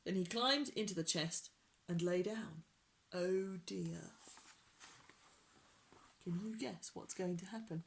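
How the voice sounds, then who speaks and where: Gentle, unhurried storybook reader. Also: mid-range voice, vocal fry. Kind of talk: children's storybook reading.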